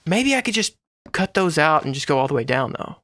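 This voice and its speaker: A man's voice: fairly high pitch, big pitch swings, a little fast, bright, forceful tone, no room sound. A man hosting his own gaming channel, giving casual, rambling, jokey commentary to himself while he builds in a game.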